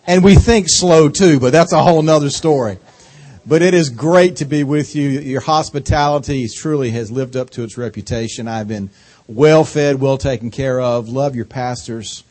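A middle-aged man preaching with a slow Southern drawl. He keeps a folksy, joking tone as a visiting preacher and savors his syllables, at a pitch that sits in the middle for a man. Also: a little mellow. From North Carolina. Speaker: guest preacher. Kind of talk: sermon.

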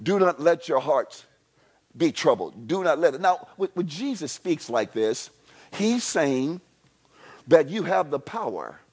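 High, animated preaching man. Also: measured pace, slightly rough. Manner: call-and-response preaching, repeats phrases for emphasis; stammering restarts, swings from hushed to loud. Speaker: pastor. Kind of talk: sermon.

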